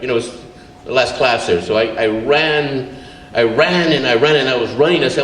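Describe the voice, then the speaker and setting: There's a faint rumble in this distant, roomy live recording of a Californian man in his seventies. Animated and laughing, he shares a childhood tale with the audience, chuckling and using many fillers to fill his pauses.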